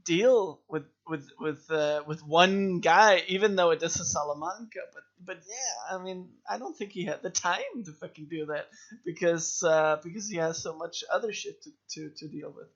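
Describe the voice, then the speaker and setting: A man co-hosting a podcast in casual chat, talking excitedly, swearing and repeating words. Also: on the high side, normal speed, dull audio. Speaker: podcast co-host.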